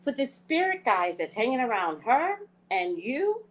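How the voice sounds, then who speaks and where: A woman hosts a casual spiritual talk. Her pitch swings widely as she tells stories unhurriedly. She laughs often and acts out her own thoughts. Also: big pitch swings, measured pace, a little hiss or hum, poor audio. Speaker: psychic reader and show host.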